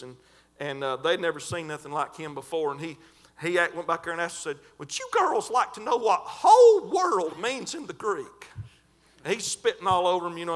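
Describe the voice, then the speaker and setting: A man preaching a sermon in a fervent, folksy way, stretching and shouting scripture lines. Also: a little high. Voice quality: folksy, colloquial.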